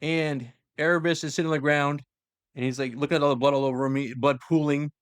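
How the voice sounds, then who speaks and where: This man's voice sits a little high, clear and resonant, and he's a fast talker. As a podcast host, he casually retells a long piece of lore to his co-host, animated, acting out the quotes, full of fillers. There's no echo on the recording.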